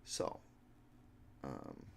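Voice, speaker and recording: A young man hosting a podcast, telling a story in a casual, animated, profane way and acting out other people's lines. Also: drawn-out words, a little hiss or hum. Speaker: podcast host; mixed martial arts fighter.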